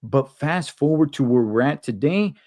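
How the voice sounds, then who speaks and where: A man hosting a casual talk show, animated and repeating himself when worked up. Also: mid-range voice, normal speed, dry recording, clean studio sound. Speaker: podcast host. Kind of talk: casual opinion chat.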